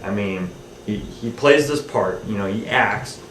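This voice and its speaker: A man's voice: on the low side, a little slow, a bit bright, far from the mic. A man, a film director, recalling making his film in a rambling, casual way full of ums and restarts. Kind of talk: casual behind-the-scenes recollection. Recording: roomy, off-mic, faint hiss.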